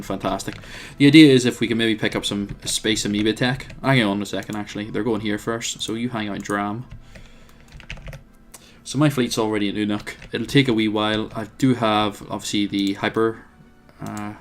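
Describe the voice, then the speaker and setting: A man commentating his own strategy game, thinking aloud with plenty of hesitations and wry asides. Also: lowish voice. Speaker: let's play host.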